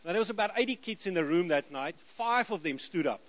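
A middle-aged South African man preaching, telling lively stories and acting out the dialogue. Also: high-pitched, brisk. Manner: lively anecdotal, acts out dialogue, chuckles. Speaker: missionary preacher. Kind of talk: sermon storytelling.

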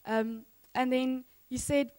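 A woman's voice: sits high, fairly even intonation, slow, a little mellow, low-quality recording. A woman sharing mission testimonies in church, enthusiastic and rambling, often breaking into laughter.

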